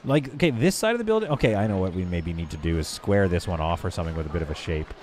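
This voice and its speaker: This streamer has a deep, animated, slightly mellow voice, with a little hiss or hum on the audio. Playing a game, he chats casually and jokes with viewers, stumbling and correcting himself through bits of French.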